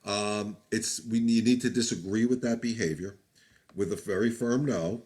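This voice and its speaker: A man's voice: fairly low pitch, normal speed, darkish tone. Plain-spoken man giving dog advice. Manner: candid, plain-spoken, many fillers and restarts. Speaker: dog trainer answering viewer questions. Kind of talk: live-stream Q&A, casual advice. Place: home, live stream.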